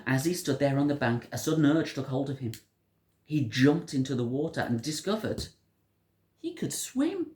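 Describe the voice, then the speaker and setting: Animated sing-song storyteller. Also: mid-range voice, normal speed. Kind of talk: picture-book read-aloud to a child. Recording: roomy echo.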